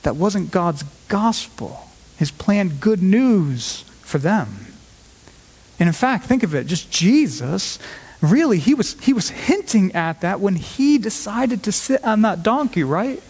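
A male pastor preaching a sermon to his congregation, emphatic, stressing words by shifting his pace and pitch. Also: very animated, slow, a little mellow, husky. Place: church sanctuary. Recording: long reverb of a large hall.

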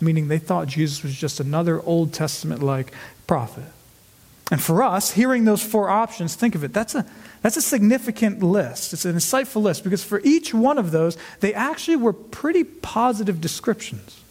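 Man, pastor, high-pitched voice, earnest sermon, repeats words for emphasis. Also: darkish tone. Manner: earnest, repeats words when stressing a point. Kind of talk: expository sermon.

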